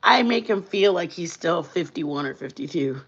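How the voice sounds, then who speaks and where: A woman's voice: on the low side, animated, moderate pace, breathy edge, dull audio. A woman hosting a livestream, telling personal stories in a playful, giggly way and laughing often. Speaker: livestream host. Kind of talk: casual storytelling chat.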